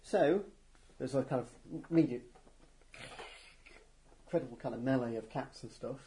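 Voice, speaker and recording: A man narrating as game master, halting and full of restarts. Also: medium pitch, warm tone, a little hiss or hum.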